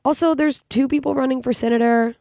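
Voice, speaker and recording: A young woman from California hosting a podcast solo, ranting in a rambling, exasperated and profane way, full of fillers and sudden jumps in pitch. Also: fairly even intonation, brisk, gravelly, a little mellow, no room sound, studio quality. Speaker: podcast host. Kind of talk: casual solo podcast rant.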